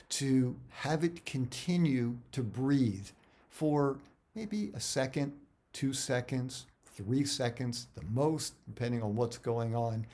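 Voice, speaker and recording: Male acting coach, conversational, instructional talk to camera, medium-pitched voice. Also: mellow. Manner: conversational, explaining with examples.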